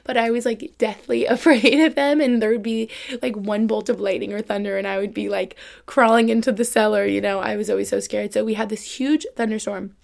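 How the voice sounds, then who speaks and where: A woman's voice: mid-range voice, flat delivery, brisk, creaky, a little mellow. A young woman from upstate New York hosting her own podcast, chatting casually and rambling with lots of fillers into a computer microphone. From Albany, New York, USA. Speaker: podcast host. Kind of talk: casual solo podcast chat. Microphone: USB-adapter podcast microphone at a computer.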